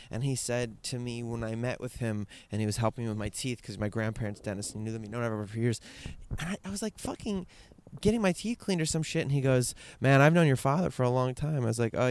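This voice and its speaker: A man's voice: medium pitch, smooth. A man telling a candid personal story, rambling and swearing, with many fillers and restarts.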